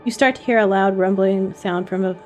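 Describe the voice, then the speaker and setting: A woman's voice: medium pitch, a little fast, faint music behind. A woman hosting a let's play, reading a narrative game aloud and reacting with casual asides. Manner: lively, laughs and reacts to the text.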